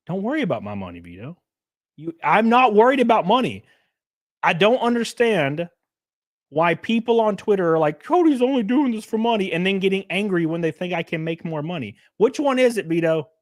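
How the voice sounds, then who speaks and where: Profane laughing Alabama streamer. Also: male voice, high-pitched, very animated, a little fast, no room sound, clean studio sound. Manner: profane, mocking, laughing often. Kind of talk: casual livestream rant.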